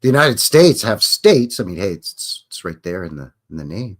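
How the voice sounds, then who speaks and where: Man, Canadian accent, low pitch, very animated intonation, casual livestream host, joking and meandering. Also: moderate pace. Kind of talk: casual rambling livestream chat.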